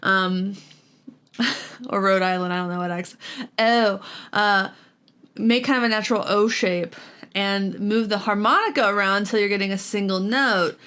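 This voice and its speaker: A woman's voice: medium pitch, moderate pace, long pauses, fairly bright tone, clean tone. A woman vlogging casually about guitar gear at home, chatty and self-deprecating, with lots of fillers and giggles. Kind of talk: casual chat while practicing.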